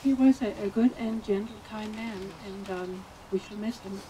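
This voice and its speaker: Mellow-voiced woman speaking at a funeral. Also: mid-range voice, a little hiss or hum, low-quality recording. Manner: halting, with fillers. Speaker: eulogy speaker, friend and landlord. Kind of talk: informal funeral eulogy.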